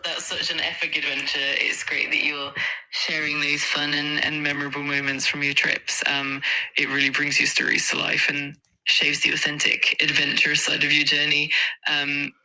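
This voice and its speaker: A man's voice: a little high, bright, forceful tone, low-quality recording. A synthetic male assistant voice giving upbeat, polished praise and encouragement. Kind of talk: encouraging chatbot replies.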